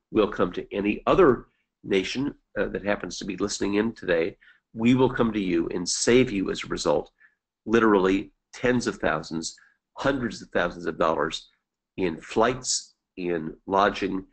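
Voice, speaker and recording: A middle-aged man presenting an educational webinar as host, earnest and deliberate, repeating key points slowly. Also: fairly low pitch, vocal fry, husky, poor audio.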